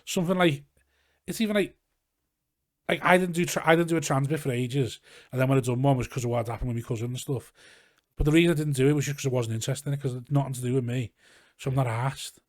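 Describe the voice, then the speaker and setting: A young comedian with a Scouse accent, guesting on a casual podcast chat in a garage, talks quickly and loosely at a medium pitch. His storytelling is rambling, animated and full of swearing, packed with asides and running jokes. The recording is close and dry, with no room sound.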